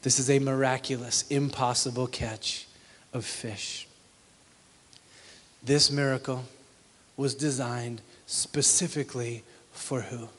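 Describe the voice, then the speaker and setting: A middle-aged man preaching a sermon, swinging from loud exclamations to hushed asides. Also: medium pitch, fairly even intonation, takes it slowly, pauses often. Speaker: pastor. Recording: long hall reverb.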